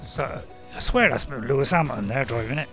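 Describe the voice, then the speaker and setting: This British gaming host speaks in an expressive, fairly bright mid-range voice at a fairly quick clip. He offers light, jokey commentary on his gameplay, talks to himself, and cheers his units on over game music.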